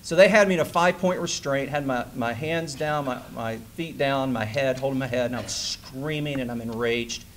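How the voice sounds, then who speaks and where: Guy in his 40s at a conference, telling his story all animated, mid-pitched voice, bit of faint noise behind. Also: normal speed, few pauses. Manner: animated storyteller who acts out quoted dialogue. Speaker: keynote conference speaker. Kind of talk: personal story in a conference speech. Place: conference hall stage.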